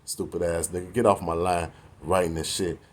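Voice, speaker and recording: Husky-voiced man in his forties ranting. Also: deep voice, level tone, moderate pace. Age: 40s. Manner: preachy and confrontational, heavy slang and cursing. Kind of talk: profane street-talk rant to the camera.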